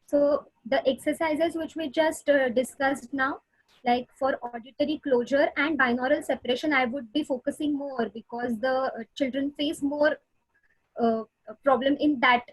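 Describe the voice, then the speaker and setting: A woman therapist lectures in a webinar, her voice high and bright above most. The sound is dry and close, as on a video call. She explains step by step, pausing on fillers and restarting phrases. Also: steady tone, no room sound, rough recording. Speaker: speech therapist presenter. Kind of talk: webinar lecture answering questions.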